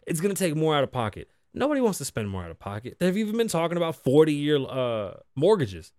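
A man's voice: a little high, fast, few pauses, no echo, clean studio sound. A man, hosting a casual show and talking bluntly with lots of cursing. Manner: blunt, animated, heavy cursing. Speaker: podcast host. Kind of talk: profane casual commentary.

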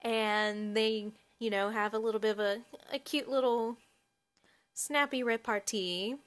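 A woman's voice: a little high, steady tone, unhurried, a bit bright. A woman hosting a podcast, talking casually about a book, with many fillers and restarts and frequent laughter. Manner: laughs often while talking. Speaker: podcast host.

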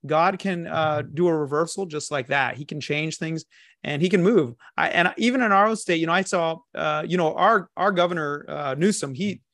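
Affirming male host, slightly high voice. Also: normal speed, fairly bright tone, dry recording, studio quality. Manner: affirming, casual, hesitant with fillers. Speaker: podcast host. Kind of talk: conversational interview.

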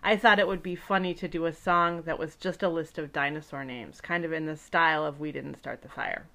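A woman entertainer speaking gently and warmly to children, telling a friendly story and explaining words simply. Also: low-pitched, fairly even intonation, a little fast.

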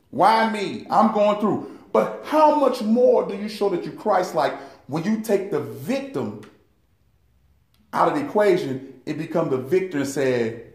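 A man's voice: fairly high pitch, roomy sound. A man teaching a Bible study in an impassioned preaching style, calling his listeners saints. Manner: impassioned, addresses listeners as saints, rises in fervor.

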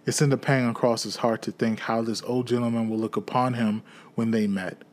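A man reading a classic novel aloud in a steady, measured storytelling way. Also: medium pitch. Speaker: audiobook reader.

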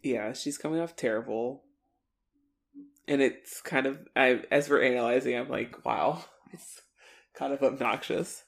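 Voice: medium pitch, unhurried, gravelly. A podcast co-host chatting casually, laughing often and reacting wryly to a TV episode. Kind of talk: casual rewatch podcast chat.

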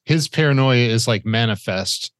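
A man's voice: medium pitch, moderate pace, a bit bright, clear, resonant tone, no room sound, studio quality. A man co-hosting a casual film podcast, offering theories with lots of filler words. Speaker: podcast co-host.

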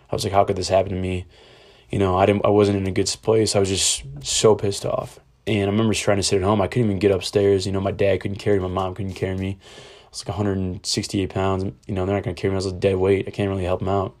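A man's voice: fairly low pitch, gravelly, a little mellow. A young man from Ohio telling a personal story in a rambling, candid, casual way, swearing freely. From Ohio, USA.

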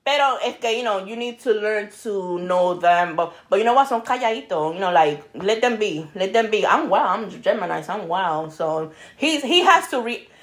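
A woman's voice: medium pitch, animated, moderate pace, few pauses. A woman with a Spanish accent, co-hosting a podcast in casual chat, mixing English and Spanish and laughing often. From New York. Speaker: podcast co-host.

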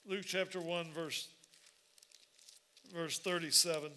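A man preaching a sermon as pastor, animated and repetitive, building up to shouts. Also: a little high, takes it slowly.

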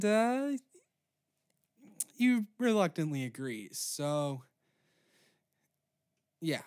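A man from Canada hosting a comedy podcast, rambling through a crude, absurd monologue. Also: mid-range voice. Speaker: podcast host.

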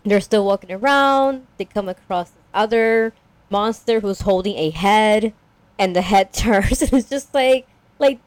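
A woman's voice: mid-range voice, unhurried, dry recording. A young woman casually recapping a story as a podcast co-host, rambling with lots of "like" and acting out characters.

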